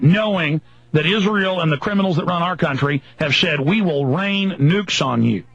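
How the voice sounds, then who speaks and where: Angry radio host guy, raspy voice pitched a bit high, yelling in mocking lists, dull lo-fi broadcast sound. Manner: furious, mocking, emphatic lists. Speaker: radio talk show host. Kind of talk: angry political radio rant.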